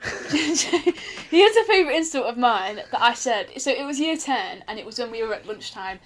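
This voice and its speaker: A woman's voice: fairly high pitch, lively intonation, moderate pace, fairly bright tone. A young woman co-hosting a casual podcast, giggling often and answering with short agreeing replies. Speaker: podcast co-host. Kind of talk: casual chat.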